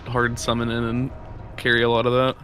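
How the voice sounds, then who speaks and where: A man on voice chat with a streamer friend, talking in a relaxed way with many "like"s and restarts. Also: medium pitch, fairly quick. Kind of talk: casual voice-chat.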